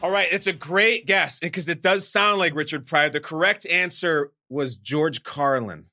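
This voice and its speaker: Playful guy host quizzing his guest, brightish higher voice, bit of music behind. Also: unhurried. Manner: playful, teasing quizmaster. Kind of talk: quiz-style interview hosting.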